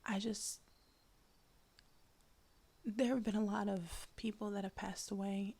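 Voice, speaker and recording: A woman talks in whispered role-play, rambling softly in a breathy whisper right up on the mic. Her voice is gravelly and husky, low and mellow. Her pitch stays flat and even, and the sound is dry. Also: a little slow. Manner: rambling, casual whispered chat. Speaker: ASMR channel host.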